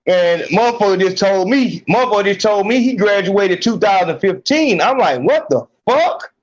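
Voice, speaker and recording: High-voiced man ranting on a podcast. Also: normal speed, dull audio. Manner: blunt, heavy slang, swearing. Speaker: podcast host. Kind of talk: profane ranting commentary.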